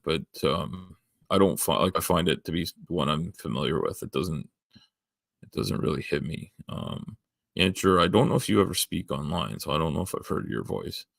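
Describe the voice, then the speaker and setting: A man's voice: low voice, vocal fry, a bit bright, no room sound, studio quality. A middle-aged man with a Southern Ontario accent, a livestreamer rambling as he thinks aloud and answers his chat. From Canada. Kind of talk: casual chat.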